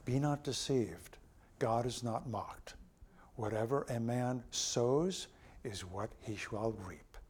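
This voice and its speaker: A man preaching a sermon, telling the story in an animated, exclamatory way. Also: mid-range voice, slow pace, breathy edge.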